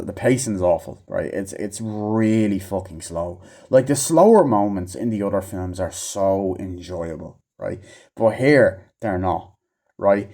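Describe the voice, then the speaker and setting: A man gives a casual, rambling movie review, swearing often and acting out scenes by mimicking characters in mocking voices. His voice is fairly low in pitch with a dark tone.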